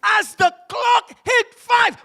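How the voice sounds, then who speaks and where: Man, pastor, very high voice, gravelly edge, passionate shouting sermon. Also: slow. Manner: impassioned, shouting preaching with storytelling.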